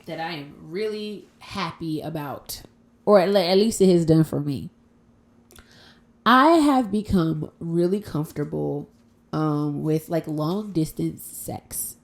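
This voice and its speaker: A woman's voice: fairly low pitch, animated, slow pace. A woman hosting a casual solo podcast from home, talking in a frank, profane and playful way. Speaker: podcast host.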